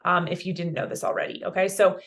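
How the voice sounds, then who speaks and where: A woman's voice: on the low side, level tone, fast talker, a bit bright. Chatty woman teaching beginner Spanish. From Colorado, USA. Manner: chatty, encouraging, mixes in Spanish words. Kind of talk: online language lesson.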